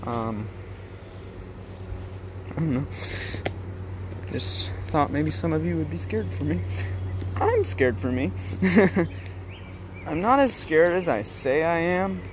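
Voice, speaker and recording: A giggly vlogger talks slowly and unhurriedly, with a very lively, bouncy pitch. Outdoor nature noise comes through clearly on the camera mic. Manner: giggly, joking, talking to viewers. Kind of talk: rambling solo hiking vlog. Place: outdoors in woods. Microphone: handheld camera mic.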